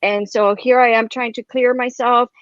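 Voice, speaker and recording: A fairly high-voiced woman talks through a long personal story, rambling and animated, her speech full of "like" and "right?". The sound is dry and a little muffled, as if over a video call. Her tone stays casual and conversational. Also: moderate pace, no room sound. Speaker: guest.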